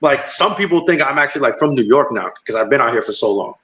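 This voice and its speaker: A man's voice: medium pitch, lively intonation, sharp tone. A man from Denver with a Southern-tinged accent, chatting as a guest and often restarting his sentences. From Denver, Colorado. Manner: halting, repeats words and restarts. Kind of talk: casual chat. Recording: echoey room with faint noise.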